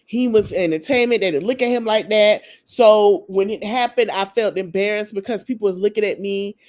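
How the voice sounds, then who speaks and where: A woman's voice: mid-range voice, normal speed, a little mellow. Chatty gossiping woman podcast host. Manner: chatty gossipy storytelling, slangy, addresses listeners as y'all; acts out the people she quotes. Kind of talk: casual TV recap chat.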